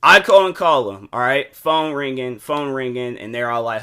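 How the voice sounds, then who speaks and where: A man's voice: mid-range voice, normal speed, few pauses, pushed and bright, clean tone. A man hosting his own podcast, rambling with restarts and acted-out quotes. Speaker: podcast host. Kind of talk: casual solo monologue.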